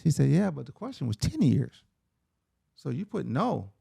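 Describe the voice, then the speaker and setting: Gravelly-voiced man telling a story. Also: a little high, sing-song, moderate pace, warm tone, no room sound. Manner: conversational, says "man" and "right?" often. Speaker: podcast guest. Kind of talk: casual storytelling.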